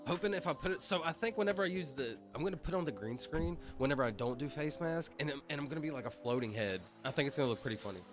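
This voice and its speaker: A young man livestreaming, chatting loosely with his chat, reading out names and laughing loudly. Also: on the high side, lively intonation, rapid-fire, hardly any pauses, music in the background. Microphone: headset mic.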